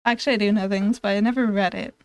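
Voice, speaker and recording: A woman's voice: mid-range voice, fairly even intonation, quick pace, darkish tone, clean tone, no echo. A young woman streaming a browser game, chatting casually and reading its text aloud with frequent giggles and stumbles.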